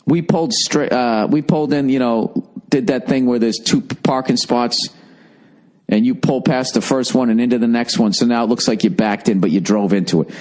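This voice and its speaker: A man's voice: medium pitch, steady tone, moderate pace, darkish tone. A podcast host rambling through a comedic monologue, a man swearing constantly and acting out both sides of his arguments in exasperated retellings.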